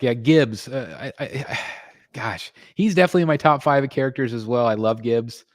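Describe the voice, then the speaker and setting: A man's voice: normal speed, dry recording, studio quality. Chatty man hosting a live stream. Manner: chatty, reads viewer comments aloud and thanks members; excitable, jumps in pitch when greeting members. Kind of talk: casual live stream chat. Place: home room.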